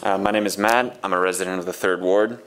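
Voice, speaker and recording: A man's voice: sits low, fairly even intonation, fast, a bit bright, slight background noise. A man giving a scathing, sarcastic public comment at a city council meeting.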